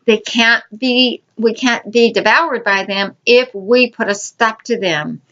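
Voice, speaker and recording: A woman's voice: a little high, slow pace, fairly bright tone, highs cut off. A woman teaching a Bible lesson for children in an informal way, often repeating and restarting her words.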